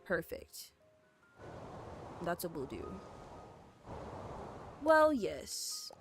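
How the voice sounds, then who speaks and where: A woman's voice: fairly low pitch, big pitch swings, drawn-out words. Rambling young woman streamer. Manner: chatty, rambling, many fillers and giggles. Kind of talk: casual rambling game stream chat. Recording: soft music playing behind. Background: faint background music.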